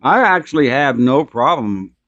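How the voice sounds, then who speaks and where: A man's voice: medium pitch, sing-song, moderate pace, a bit bright, dry recording, muffled recording. A man talking casually on a stream, blunt and profane, giving strong opinions. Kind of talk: casual chat.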